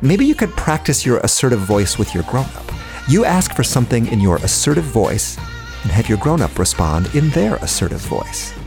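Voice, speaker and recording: Playing the chatty, pun-loving host Scotty in a kids' audio drama, a man speaks straight to his listeners in a bubbly way. He has a medium pitch with vocal fry, sounds very animated, keeps a normal speed, and is heard over music.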